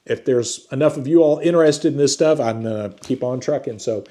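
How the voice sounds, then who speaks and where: A man's voice: mid-range voice, a little fast, warm tone. A man hosting a book review channel, talking casually to camera from his home, rambling and conversational with slang like "dude". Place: at home with a chiming antique clock.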